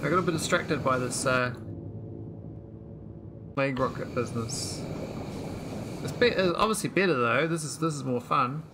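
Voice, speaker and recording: A man's voice: mid-range voice, normal speed, long pauses, noisy background. A man casually commentating his own gameplay, thinking aloud with lots of fillers and restarts. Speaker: gameplay streamer. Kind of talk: casual let's-play commentary.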